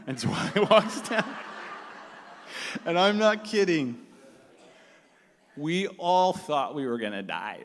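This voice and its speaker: Animated male storyteller in a reverberant hall. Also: a little high, a little slow, pauses often. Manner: animated, acts out the people he quotes. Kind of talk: live personal storytelling.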